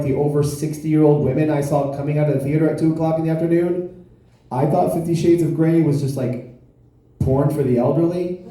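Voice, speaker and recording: Man doing stand-up in an echoey club. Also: on the high side. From South Florida. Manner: deadpan, self-deprecating storytelling. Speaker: stand-up comedian. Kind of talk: stand-up comedy set. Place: comedy club stage.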